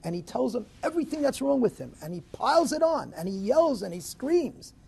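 A man giving a Torah lecture, dramatic and animated, swinging between loud rises and soft drops. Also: very high-pitched, a little fast, gravelly, slightly rough. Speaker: Torah teacher.

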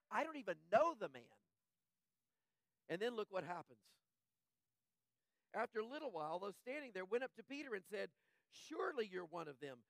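A man with a high, light voice delivers a conversational sermon, often asking his listeners "right?" as he goes. He sinks soft and low when he dwells on sorrow. The sound is dry and close, with no room echo. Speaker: pastor.

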